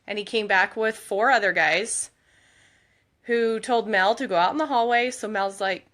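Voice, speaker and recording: In a casual vlog, a woman with school-age children chats loosely with followers about her husband, laughing from time to time as the story unfolds. She speaks at a medium pitch and normal speed, with a fairly bright tone.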